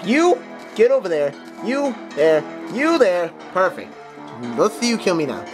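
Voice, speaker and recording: An excitable young man talks through a game, joking and shouting at the enemies as he goes. His voice sits fairly high and jumps widely in pitch. Music plays clearly under him the whole time. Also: measured pace, low-quality recording. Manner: excitable, jokey, talks to enemies, sings snatches. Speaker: gaming channel host. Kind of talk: casual gameplay commentary.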